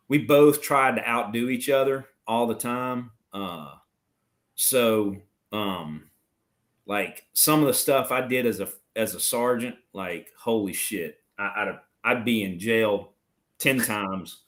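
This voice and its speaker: A man's voice: fairly low pitch, takes it slowly, fairly bright tone. A middle-aged man, a retired Marine officer, telling blunt, profane stories in a casual interview. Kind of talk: casual storytelling chat.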